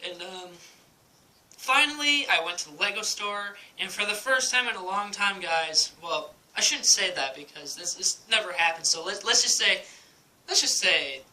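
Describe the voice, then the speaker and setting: Young man, high voice, very bright, casual vlog, rambling, lots of fillers, faint hiss. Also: poor audio. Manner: rambling, many ums and likes, laughs often. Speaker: vlogger. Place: at home, indoors.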